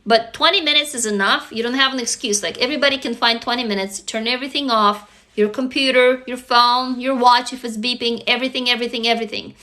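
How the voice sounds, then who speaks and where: A woman who grew up in Russia talks earnestly to her viewers on a live phone stream. Her voice sits a little high and sounds bright and clear. She coaches them step by step and keeps checking that they follow. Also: fairly even intonation, fast talker. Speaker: livestream host and author. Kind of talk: casual live-stream talk.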